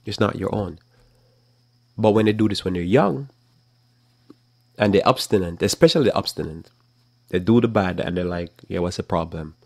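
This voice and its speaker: Middle-aged male Bible teacher, low gravelly voice, loose and conversational, acts out quotes; dry close mic. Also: normal speed, pauses often, no echo. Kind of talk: live talk program sermon.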